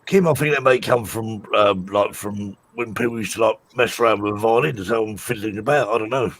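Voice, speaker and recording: A man's voice: lowish voice, fairly quick, a bit bright, dry recording. A man from the United Kingdom chatting casually on a live stream, rambling through anecdotes with many restarts. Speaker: co-host of a live drone show.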